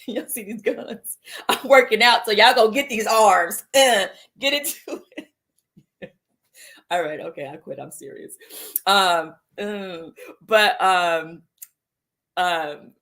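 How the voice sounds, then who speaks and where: Playful woman hosting a live mindfulness chat. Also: lowish voice. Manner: playful and animated, reads viewer comments aloud, frequent "right?" and "y'all"; laughs easily and slips into exaggerated voices for asides. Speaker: host of a live mindfulness show. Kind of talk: casual live-stream talk about setting an intention.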